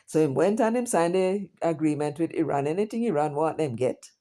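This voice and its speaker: Jamaican lady reading the news n chatting over it, low warm voice, lots of asides. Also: expressive, brisk. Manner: chatty, reacts aloud with asides and rhetorical questions. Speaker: news commentary host. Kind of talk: reading headlines with casual commentary.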